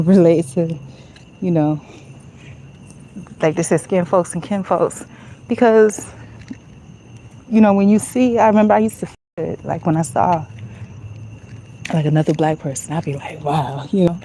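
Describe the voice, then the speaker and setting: A vlogger walks outdoors at night talking into her phone, her fairly low, dark-toned voice reflective and conversational and full of "you know." It's a casual walk-and-talk monologue, roughly recorded with slight background noise.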